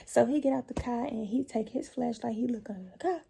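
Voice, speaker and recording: A young woman telling a profane, animated storytime to her viewers in a casual vlog. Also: a little high, brisk, vocal fry, a little hiss or hum. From Chicago area. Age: young adult. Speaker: vlogger.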